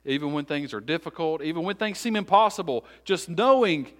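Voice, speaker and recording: A pastor, preaching a sermon. He builds repeated phrases up to loud peaks and then drops to quiet, slowed-down emphasis. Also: a little high, expressive.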